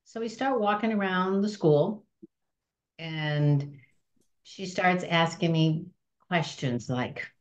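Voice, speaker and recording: Lady guest telling stories, does little voices for people, kinda low voice, dull muffled sound. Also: takes it slowly, long pauses. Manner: animated, acts out voices in anecdotes, many restarts. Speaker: film company president, guest. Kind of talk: conversational storytelling.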